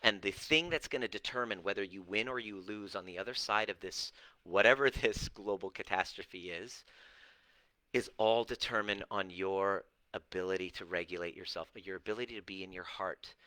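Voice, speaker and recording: A man's voice: low-pitched, normal speed, pushed and bright, no echo, low-quality recording. A middle-aged man coaching on relationships and healing, talking bluntly and preachily with profanity and mocking put-on voices. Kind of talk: direct-to-camera talk answering viewers.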